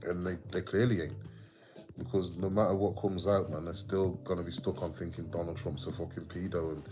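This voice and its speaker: A man from the English Midlands hosts a late-night livestream in a deep, low voice. He rambles casually, swears a lot and answers chat comments as they come in. Faint music plays underneath. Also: flat delivery, fairly quick. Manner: chatty and rambling, sweary, laughs often, reads out viewer comments. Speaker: livestream host.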